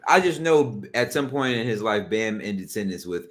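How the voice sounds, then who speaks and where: Animated man riffing on a podcast. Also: fairly low pitch, normal speed. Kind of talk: casual chat.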